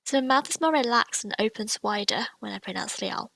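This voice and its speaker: Woman teacher with a gravelly edge. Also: fairly high pitch, a little fast, hardly any pauses, a bit bright. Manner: clear, patient explanations with demonstrated sounds. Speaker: language teacher. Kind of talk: scripted lesson narration.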